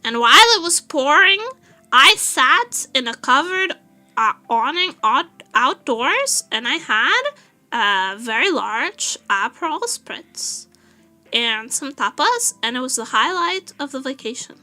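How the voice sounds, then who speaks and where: A Portuguese woman streaming a casual chat, telling an animated story with frequent laughter and swearing. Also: high-pitched, slow, faint music behind. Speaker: VTuber streamer.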